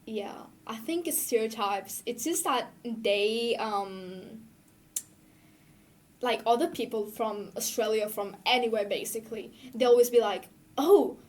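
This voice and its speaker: A woman's voice: a little high, measured pace. Young Spanish-accented woman, laughing chat. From Spain. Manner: animated, laughs often. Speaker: podcast co-host. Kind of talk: casual chat.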